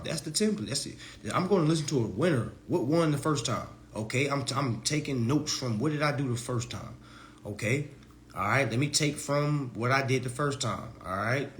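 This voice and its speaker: A man lectures his followers in a loose, slangy live-stream, his pitch leaping up and down as he mocks people in high voices. A faint hiss of noise sits under the whole recording. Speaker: online legal self-help teacher.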